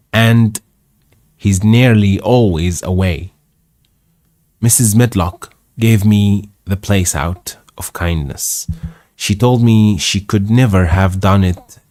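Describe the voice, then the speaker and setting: A man's voice: lowish voice, darkish tone, dry recording, clean studio sound. A man voicing a blunt, talkative young Yorkshire housemaid girl in a read-aloud storybook, plainspoken and a little cheeky. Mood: chatty.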